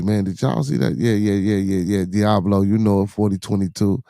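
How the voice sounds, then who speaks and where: A middle-aged man with a Chicago accent hosts his podcast alone on a live stream, sitting in a home studio. He talks in easygoing street slang, repeats his catchphrases and calls out to viewers in the chat. His voice sits low and mellow, and the sound is dry and close. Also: moderate pace, gravelly, few pauses, dry recording. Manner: laid-back street slang, repeats phrases, constant "you know what I'm saying". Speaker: podcast host.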